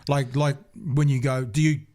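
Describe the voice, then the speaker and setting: A man's voice: mid-range voice, steady tone, normal speed, warm tone. A man hosting a podcast in a studio, asking chatty, jokey questions. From New Zealand. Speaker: podcast host. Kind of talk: casual chat.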